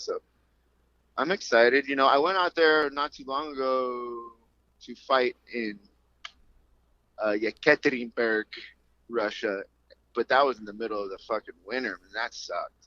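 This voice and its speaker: Profane, animated fighter on a dull call line. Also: male voice, medium pitch, no echo. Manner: animated and profane, acts out the voices in his stories. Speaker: MMA fighter guest. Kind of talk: casual storytelling interview. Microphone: remote call.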